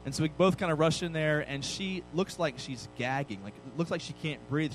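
A man's voice: fairly high pitch, lively intonation, a little fast, hardly any pauses, faint music behind, rough recording. A man in his thirties giving a casual, conversational sermon with self-deprecating humor. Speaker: pastor. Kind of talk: sermon with personal story.

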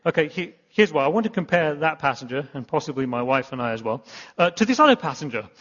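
A man's voice: a little high, big pitch swings, fast, fairly bright tone. A man giving a sermon as a pastor, telling a rambling, self-deprecating story full of restarts. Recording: long reverb, muffled hall sound.

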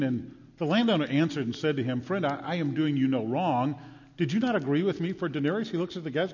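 A man preaching a sermon in a lively, conversational way, acting out quotes as he goes. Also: fairly high pitch, big-room sound, dull audio. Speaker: pastor.

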